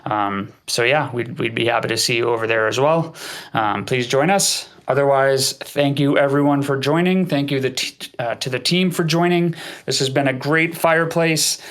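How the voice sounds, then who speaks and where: A man's voice: medium pitch, normal speed, fairly bright tone. A man hosting a casual online community voice chat, patiently explaining features in a chatty way. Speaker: community host.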